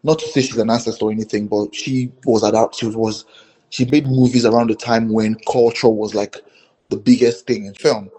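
A man's voice: fairly low pitch, steady tone, moderate pace, dark tone, rough recording. A man, a filmmaker, giving rambling interview answers full of fillers and restarts. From Nigeria.

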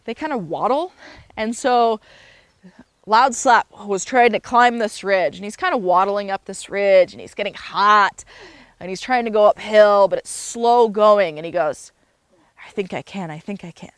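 A woman's voice: medium pitch, unhurried, smooth, no echo. A woman telling a story aloud in a loose, unscripted way, with fillers and self-corrections. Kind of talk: casual spoken storytelling.

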